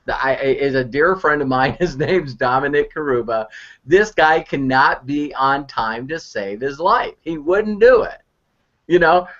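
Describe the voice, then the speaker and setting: A man telling an animated story as an online marketing mentor on a live video call, repeating words as he goes. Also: a little high, unhurried. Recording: muffled video call audio.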